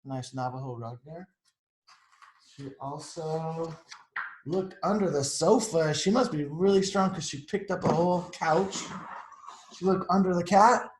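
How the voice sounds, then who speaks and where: Reading a picture book aloud to children at storytime, a man chats about the pictures as he goes, adding asides. His voice is a little high and a little slow. The low-quality recording is reverberant, with a little hiss or hum.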